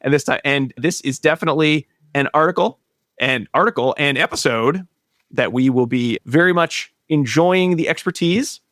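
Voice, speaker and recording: A man's voice: on the high side, normal speed, a bit bright, no room sound, studio quality. A man hosting a podcast in a casual, joking way, rambling a bit with restarts as he introduces a guest. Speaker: podcast host.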